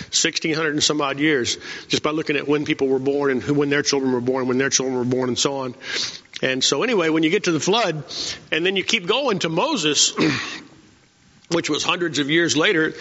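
A man preaching an informal sermon in a folksy, conversational way, often pausing with "uh". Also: fairly high pitch, sharp tone. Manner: folksy and conversational, many "uh" fillers. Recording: echoey hall, dull lo-fi sound.

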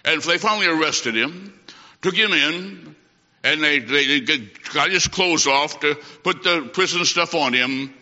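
A bright, fairly high-voiced middle-aged man preaching a revival-style sermon with a folksy, homespun manner. His voice rings out through a large hall with a long reverb, and the old recording sounds dull and lo-fi. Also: a little slow. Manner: folksy, addresses listener as my friend, homespun illustrations. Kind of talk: evangelistic sermon.

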